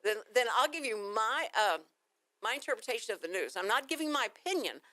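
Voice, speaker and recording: Fast and sing-song, with a high, sharp voice, a Texan woman hosts a relaxed morning talk show on the radio, wandering through anecdotes and laughing freely. She's on a studio microphone in a radio studio, and there's no echo.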